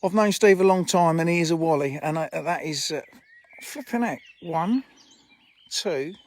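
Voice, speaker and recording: High-voiced Englishman bantering on a live stream. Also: normal speed. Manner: joking, teasing banter with viewers. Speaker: fishery owner hosting a live stream. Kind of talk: casual live-stream chat. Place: outdoors by fishing lakes.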